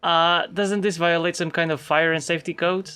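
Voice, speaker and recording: A woman's voice: on the low side, fairly even intonation, normal speed, a bit bright, clean tone, lightly acted. A woman voicing game dialogue for a polite, dry-spoken male hero. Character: mild, polite male underwater office hero.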